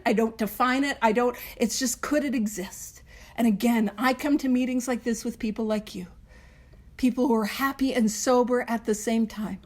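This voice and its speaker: A woman hosting a recovery book study, talking to a group in an earnest, emphatic way, repeating key words and slipping in playful asides. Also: a little high. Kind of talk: informal group study talk.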